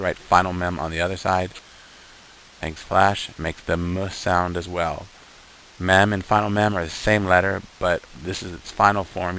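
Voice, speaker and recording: A man with a deep, low-pitched voice teaches a beginner lesson. He is patient and unhurried, repeating each syllable and word so the learner can follow along. A faint hiss runs under the recording. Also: bright, forceful tone, low-quality recording. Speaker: Hebrew teacher.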